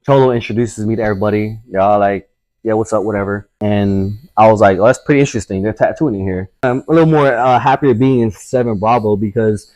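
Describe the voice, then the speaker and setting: A man's voice: on the low side, fast talker, darkish tone, no room sound. A man, a tattoo artist guest, telling a casual story full of swearing and acting out the voices of people he quotes. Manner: profane, acts out quoted voices.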